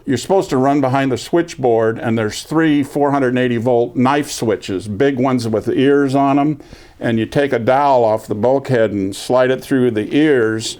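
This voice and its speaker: An older veteran gives an oral history interview, telling his story energetically in a medium-pitched voice at a moderate pace. A lively storyteller, he acts out the lines of the people he quotes.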